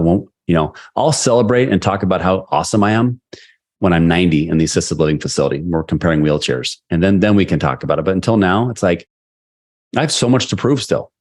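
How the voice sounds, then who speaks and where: A middle-aged man with a very low voice tells a personal story as a podcast guest. He is animated and drops into the voices of the people he quotes. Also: quick pace. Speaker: guest, sales leader and coach.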